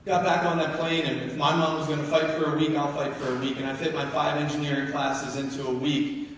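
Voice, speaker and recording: A man from New Jersey gives a live motivational talk, telling personal stories with feeling and calling out questions to the audience. His voice sits somewhat high. It echoes through a large hall with a long reverb, picked up from a distance. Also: fairly bright tone, slight background noise. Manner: emotional storytelling, questions to the audience. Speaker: motivational speaker.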